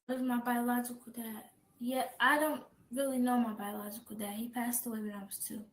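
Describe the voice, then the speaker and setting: A teenage girl answers questions on her stream in a low, flat voice that sometimes drops to a whisper. Her voice sits a little high. The sound is roomy and echoey, with a faint hiss underneath. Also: fairly quick. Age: teens. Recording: echoey room with faint background noise.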